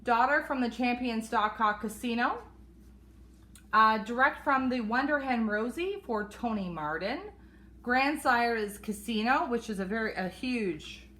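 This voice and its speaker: A woman co-hosting a live pigeon auction, briskly listing each bird's pedigree. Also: on the high side, sharp tone. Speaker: auction co-host.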